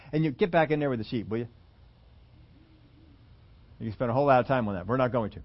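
A man preaching a sermon, telling a scripture story with animated, acted-out voices for its characters. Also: sits high. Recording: muffled lo-fi sermon recording.

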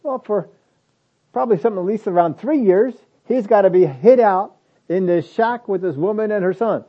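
A man's voice: sits high, expressive, moderate pace, lo-fi sound. A man preaching a sermon in a conversational way, building to emphatic lists.

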